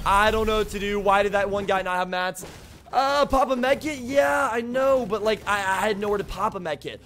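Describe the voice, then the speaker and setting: A man's voice: high-pitched, a little fast, a bit bright, a little hiss or hum. A young man streaming a video game live, chatting with his viewers, greeting them by name and repeating himself when flustered. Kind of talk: live gameplay commentary to chat.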